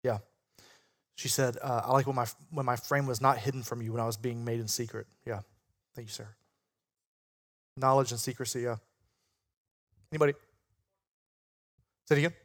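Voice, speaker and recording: A man's voice: medium pitch, fairly even intonation, moderate pace, pauses often. A man leading an interactive Bible study, questioning the group and explaining points with emphasis.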